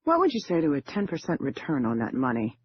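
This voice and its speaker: A man voicing a confident female con artist who speaks smoothly and self-assured. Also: a little high, huge pitch swings, quick pace, highs cut off, a little hiss or hum. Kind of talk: audiobook character voice.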